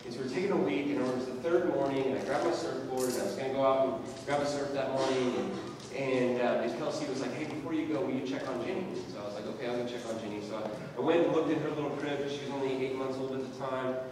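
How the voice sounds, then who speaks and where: A man's voice: mid-range voice, fast, distant mic. A man preaching a sermon as pastor, telling a personal story in a loose, conversational way. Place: church hall. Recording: echoey hall, voice from afar.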